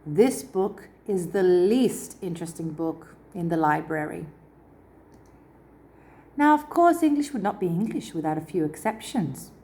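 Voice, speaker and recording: A woman's voice: fairly low pitch, expressive, moderate pace, few pauses, mellow. A woman teaching an English grammar lesson, patiently spelling out word endings letter by letter.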